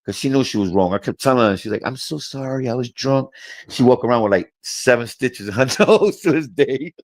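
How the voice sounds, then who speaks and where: A man telling an animated, profane story in casual talk on a live panel stream. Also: medium pitch, fast talker, dry recording.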